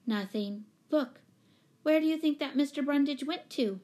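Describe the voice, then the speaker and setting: A woman voicing a chatty young girl with a higher, lively voice. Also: normal speed, close to an everyday voice. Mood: girlish.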